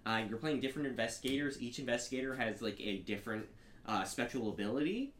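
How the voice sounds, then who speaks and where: Brief: young male podcast host, halting, filler-heavy review delivery, echoey room with faint hiss. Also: mid-range voice, expressive, fairly bright tone. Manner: rambling, filler-heavy board game review. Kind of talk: casual podcast chat.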